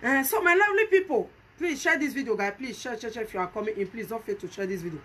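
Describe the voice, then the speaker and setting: A woman's voice: on the high side, lively intonation, quick pace, fairly bright tone. A woman with a Nigerian Pidgin accent giving emphatic, repetitive vlog commentary and pleading with viewers. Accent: Nigerian Pidgin English. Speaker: vlogger.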